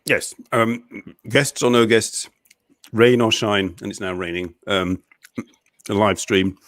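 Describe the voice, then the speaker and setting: A man's voice: lowish voice, little pitch movement, slow, fairly bright tone, dry recording. Male streamer, casual and chatty, dry close sound. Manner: chatty, laughs often, eats while talking. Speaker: live stream host. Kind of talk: casual chat on a live stream.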